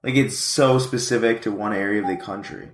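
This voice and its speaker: A man's voice: on the low side, brisk. Laid-back young man in an echoey room. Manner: dry, laid-back, laughs often. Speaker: podcast co-host. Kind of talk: casual chat.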